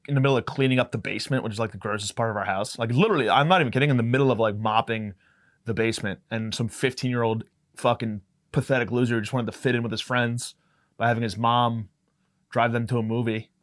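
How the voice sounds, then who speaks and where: A man hosts a podcast and tells stories in a rambling, profane, self-mocking way. His voice sits at an ordinary middle pitch. He is recorded close on a dry mic with no room sound. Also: fairly bright tone, no echo. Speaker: podcast host. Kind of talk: casual comedic storytelling.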